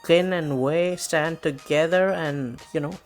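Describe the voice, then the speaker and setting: A man's voice: on the high side, fairly even intonation, unhurried, faint music behind. A man voicing a brash young male commander rallying his troops in casual slang.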